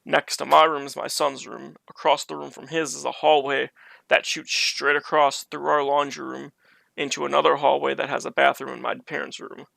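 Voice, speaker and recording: A man's voice: mid-range voice, flat delivery, moderate pace, creaky, pushed and bright, no room sound. A man streaming from his bedroom, telling a personal story in a rambling, conversational way with many restarts. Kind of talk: casual storytelling on a live stream.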